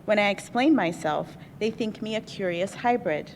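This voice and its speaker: A woman, an author, reading a passage from her own memoir aloud in a measured, reflective way at a college lecture. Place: lecture hall on a college campus. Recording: echoey hall, faint rumble.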